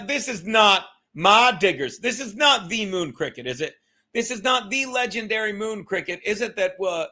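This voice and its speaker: High bright-voiced man chatting loosely. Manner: loose, profane, rambling, talks to chat. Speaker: livestream host. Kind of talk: casual solo livestream chat. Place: his home. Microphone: streaming setup.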